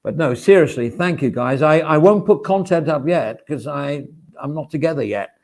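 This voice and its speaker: A man's voice: a little high, expressive, normal speed, vocal fry, darkish tone. A middle-aged man chatting casually on a livestream, rambling and poking fun at himself with plenty of asides. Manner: rambling and self-deprecating; chatty, with frequent fillers and asides.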